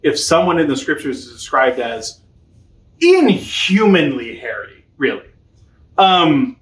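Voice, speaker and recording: A young man teaching catechism in a loose, chatty way, filling his talk with "like" and "um" and breaking into light laughs. His voice sits somewhat high for a man. He sounds informal and conversational. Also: reverberant. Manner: chatty and informal, many fillers, laughs often. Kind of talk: casual teaching.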